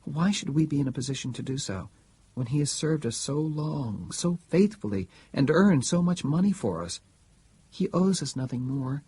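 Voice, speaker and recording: A man's voice: lively intonation, normal speed, mellow, slightly rough, heavily acted. A man voicing a defiant, earnest young woman. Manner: pleading, raised pitch. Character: spirited grown daughter, defiant and earnest. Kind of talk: audiobook reading.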